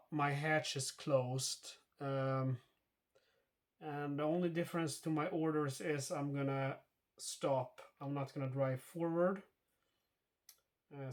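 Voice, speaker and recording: A man narrating a solo board game playthrough, thinking aloud with many fillers and self-corrections as he explains each rule and dice roll. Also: medium pitch. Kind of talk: casual explanatory playthrough commentary.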